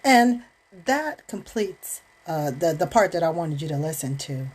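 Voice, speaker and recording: A woman's voice: low-pitched, very animated, unhurried, slightly rough. A woman hosting her own show, talking in a rambling, chatty way with many fillers and restarts. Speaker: host. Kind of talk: casual spoken monologue.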